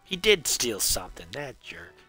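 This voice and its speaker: A man's voice: medium pitch, big pitch swings, normal speed, bright, forceful tone, slightly rough, soft background music. A man giving wry, rambling running commentary while he streams a game. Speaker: streamer playing through a game marathon. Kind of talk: casual live-stream commentary.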